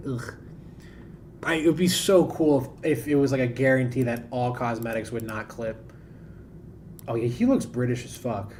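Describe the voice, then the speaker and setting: A man's voice: medium pitch, a little mellow, a little hiss or hum. A man streaming a game, chatting casually and thinking aloud, often restarting his sentences. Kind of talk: casual live-stream chat.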